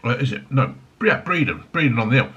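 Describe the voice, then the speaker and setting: A man's voice: medium pitch, big pitch swings, fairly quick, sharp tone, lo-fi sound. A middle-aged man, rambling and swearing at his desk while reviewing drinks. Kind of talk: casual review vlog. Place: home desk.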